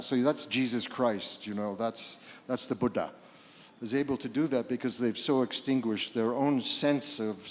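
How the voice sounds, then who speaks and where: Man, reflective public talk, halting and repetitive, loud bursts, mid pitch, long hall reverb. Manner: halting, repeats words, rises to loud bursts. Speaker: speaker at a book fair panel. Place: large hall before a live audience.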